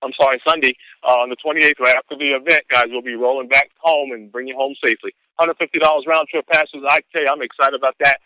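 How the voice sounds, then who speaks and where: A man on a conference call, hyping an upcoming event in an excitable, whooping sales manner. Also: medium pitch, fast, hardly any pauses, dry recording. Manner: excitable, whooping, preacher-like hype. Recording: phone line.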